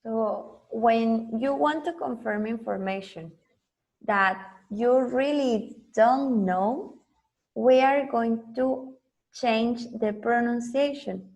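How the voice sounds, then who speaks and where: A woman's voice: fairly high pitch, takes it slowly, vocal fry, darkish tone. A woman teaching an English lesson, explaining and drilling students with patient repetition. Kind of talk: online language lesson.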